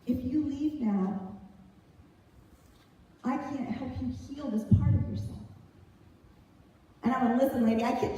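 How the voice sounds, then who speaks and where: A woman speaker telling a personal story to a large audience, animated and acting out the people she quotes. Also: high-pitched, a little slow, pauses often. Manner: animated, acts out quoted voices. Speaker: motivational speaker. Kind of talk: storytelling keynote talk. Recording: echoey hall from far off, faint noise.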